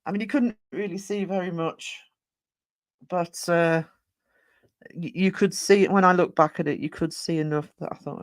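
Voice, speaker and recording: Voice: mid-range voice, fairly even intonation, normal speed, no echo. A live-stream host chatting casually and rambling, thanking viewers and reading chat aloud with many fillers and restarts. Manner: frequent fillers and self-corrections.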